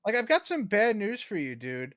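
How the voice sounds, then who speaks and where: A man co-hosting a casual podcast discussion, talking in an animated way and swearing casually. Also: sits high, normal speed, dry recording, studio quality. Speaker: co-host.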